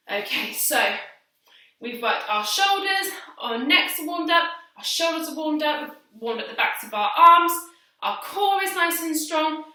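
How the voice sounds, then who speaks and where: A young woman who teaches PE at a primary school leads children through home exercises in a high, bright, forceful voice. She gives encouraging step-by-step instructions and counts aloud, slightly out of breath from joining in. She's recorded far from the mic in a very echoey hall.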